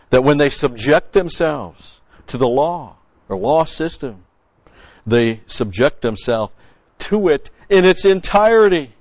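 A man's voice: mid-range voice, darkish tone, no room sound. Emphatic man teaching a sermon. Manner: emphatic, repeats key words for stress; explains original-language grammar. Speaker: Bible teacher. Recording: dull, dry lo-fi recording.

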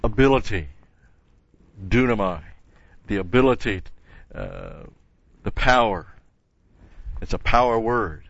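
A man's voice: fairly low pitch, very animated, takes it slowly, gravelly, long pauses, dry recording, lo-fi sound. An older man teaching a Bible passage verse by verse in a conversational way, stopping to correct himself and leaning hard on key words.

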